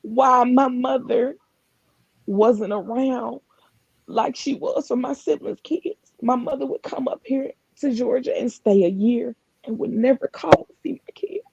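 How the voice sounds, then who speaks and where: A woman speaks in a gravelly, husky voice, recounting her own story on a live stream call. She talks earnestly and haltingly, circling back and restarting her thoughts. The audio is dry and dull, like a lo-fi call. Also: fairly high pitch, a little mellow, dry recording. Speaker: guest sharing her story. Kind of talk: emotional personal testimony on a live stream. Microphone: live video call.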